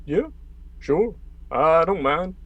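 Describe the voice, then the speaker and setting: A man's voice: fairly high pitch, lively intonation, takes it slowly, no echo, muffled recording. A man playing a tabletop game in character, laid-back and hesitant with many fillers. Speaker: player. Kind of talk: casual in-character tabletop play.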